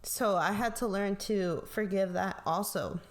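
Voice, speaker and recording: Slow, soothing young woman sharing testimony. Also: mid-range voice. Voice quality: calm, soothing voice. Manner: slow, reflective, tags lines with "like" and "right?". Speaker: pastor's kid and co-host. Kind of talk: personal faith testimony chat.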